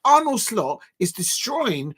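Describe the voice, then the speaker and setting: A man's voice: sits high, takes it slowly, slightly rough. Guy doing a live footy watch-along, ranting, voice jumps all over the place. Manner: animated, exasperated ranting at rival fans, bursts into shouting. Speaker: football watch-along host.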